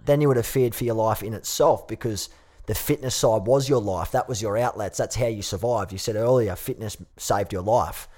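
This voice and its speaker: Man, podcast host, supportive and earnest, slightly low voice. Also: moderate pace, darkish tone. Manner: supportive, earnest, some stumbles. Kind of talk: interview conversation.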